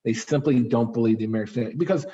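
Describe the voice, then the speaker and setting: A man giving an author talk at a library, telling history as a lively story with dramatic swings in his voice. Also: fast talker. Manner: animated storyteller, dramatic pitch swings, fillers. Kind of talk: storytelling lecture. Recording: dull lo-fi recording.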